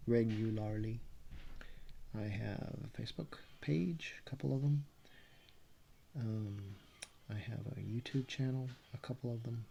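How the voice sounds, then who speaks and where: A man's voice: medium pitch, vocal fry, mellow, lo-fi sound, a little hiss or hum. A man in his forties from Texas with a Texas accent, talking casually in a meandering, self-correcting way on a vlog. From Texas, USA. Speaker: artist vlogger.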